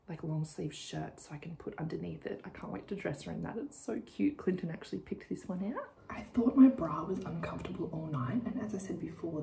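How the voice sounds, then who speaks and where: Young woman, casual whispery chat, dark mellow tone, faint room ambience. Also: on the low side, creaky, reverberant, slight background noise, low-quality recording. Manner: chatty, rambling, often whispers. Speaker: vlogger, first-time mum. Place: home, indoors.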